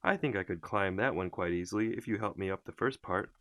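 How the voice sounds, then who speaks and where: A man voicing an excited young boy in a storybook. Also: deep voice, brisk, no echo, clean studio sound.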